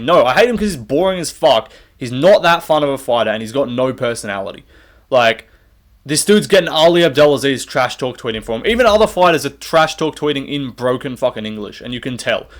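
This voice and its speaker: A young man in the middle of an angry, swear-heavy rant about fighters. His voice sits at a middling pitch. He keeps up a sarcastic, worked-up tone. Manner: heated, profane, sarcastic ranting. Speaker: MMA commentator. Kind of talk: ranting fight-prediction vlog.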